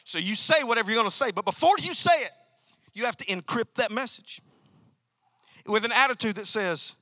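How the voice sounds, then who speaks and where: A man's voice: high voice, animated, normal speed, sharp tone, no room sound. A male pastor preaching a sermon, emphatic and repetitive, calling out to members of his congregation. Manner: emphatic, repeats key phrases, calls out to congregation.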